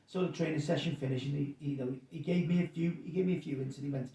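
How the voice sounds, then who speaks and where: A man's voice: fairly high pitch, steady tone, quick pace, hardly any pauses, dark tone. A man, telling an anecdote in a rambling, self-correcting way and acting out the quotes. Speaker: guest storyteller. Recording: roomy sound, distant mic.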